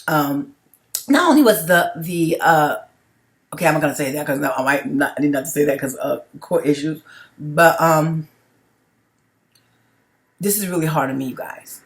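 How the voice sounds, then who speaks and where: A woman's voice: low voice, lively intonation, moderate pace, pauses often. A middle-aged woman talking straight to her viewers in a personal vlog, emphatic and repetitive, often checking in with "okay?". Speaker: vlogger.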